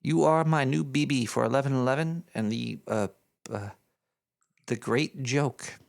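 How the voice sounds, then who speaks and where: A man's voice: mid-range voice, a little slow, vocal fry. A man voicing a paranoid male cartoon rat who hosts a radio show, rambling in a scatterbrained way with jokey asides as he reads out donations. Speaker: host reading donations. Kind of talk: rambling live-stream chat.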